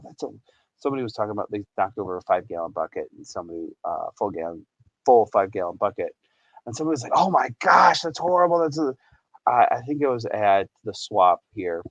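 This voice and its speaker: A man's voice: sits low, lively intonation, fast, dry recording, lo-fi sound. A man hosting a casual livestream, chatty and rambling, laughing often and reading out chat messages. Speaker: livestream host.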